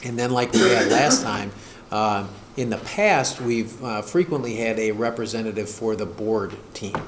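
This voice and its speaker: A man with a fairly low voice speaks at a board meeting, hesitant and full of fillers and restarts. The room is echoey, and steady noise sits behind him. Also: moderate pace. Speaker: school district administrator. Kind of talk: meeting discussion. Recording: echoey room, noisy, far mic.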